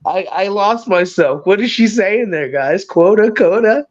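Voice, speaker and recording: A man's voice: high-pitched, expressive, measured pace. A man hosting a livestream in casual chat, teasing and swearing, laughing often. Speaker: livestream host. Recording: dull lo-fi stream audio.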